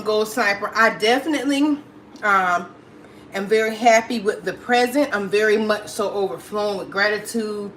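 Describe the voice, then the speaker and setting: A woman's voice: medium pitch, a bit bright, a little hiss or hum. A middle-aged woman hosting a casual live stream, chatty and affectionate, greeting viewers and talking through her opinions with many fillers. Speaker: livestream host.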